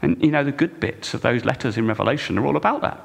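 A male pastor preaching a sermon with wry, expressive delivery that swings from hushed to emphatic. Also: medium pitch, fast, gravelly, breathy edge, big-room sound.

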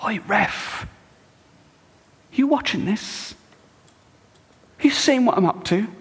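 A man voicing an indignant football fan who shouts at the referee from the stands. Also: high-pitched, expressive, slow, breathy edge, long reverb tail, voice pushed up, exaggerated voice. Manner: shouting, aggrieved.

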